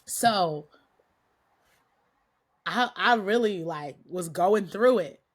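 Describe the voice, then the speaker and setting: A woman's voice: medium pitch, drawn-out words. A woman guest on a podcast, a Christian coach, animatedly telling a story with frequent laughs and a slightly nasal voice from a cold. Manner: animated, laughing often, acts out quotes. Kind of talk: casual storytelling interview.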